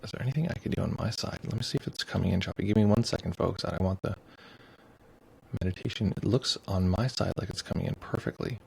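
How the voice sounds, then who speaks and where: A man's voice: sits low, fast talker, gravelly, darkish tone, husky, poor audio. A man hosting a meditation livestream in a casual, joking way, reading viewer comments aloud. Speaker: meditation teacher. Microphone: streaming mic with headphones.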